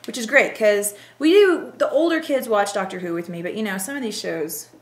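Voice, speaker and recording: Brief: chatty woman co-host, mid-pitched voice, echoey room. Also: a little fast. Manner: chatty, laughs often. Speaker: podcast co-host. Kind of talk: casual chat.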